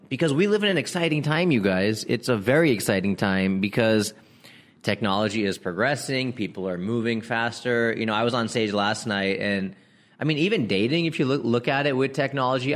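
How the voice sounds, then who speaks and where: Low-voiced man riffing comedically. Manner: animated, slangy, laughs mid-sentence, acts out quoted voices. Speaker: comedian podcast host. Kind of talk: casual comedic riffing monologue.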